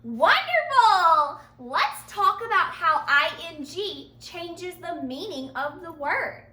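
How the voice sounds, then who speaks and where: A woman teaching a children's phonics lesson, speaking patiently and slowly to young learners. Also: extremely high pitch, pushed and bright, echoey room. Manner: slow, patient, sing-song teacher talk to young learners.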